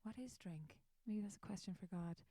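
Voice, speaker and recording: Rambling, warm-voiced Irish woman host. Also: mid-range voice, a little fast, no room sound. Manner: rambling, chatty, self-mocking. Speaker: musician hosting her own show. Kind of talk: casual chat.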